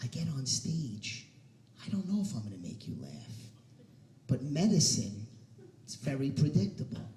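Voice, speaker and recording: A man doing a stand-up comedy set on a stage in a hair salon, animated and swinging into loud shouted punchlines. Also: mid-range voice, normal speed, slight background noise. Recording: roomy echo of a live room.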